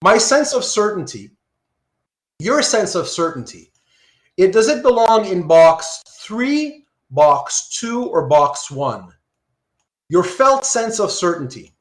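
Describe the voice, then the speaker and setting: This man's voice sits high and sing-song, and he takes his time, with an echoey room behind him. Teaching philosophy in a live online lecture from Surrey, Canada, he chats casually, reads out student remarks, and repeatedly checks in with "right?"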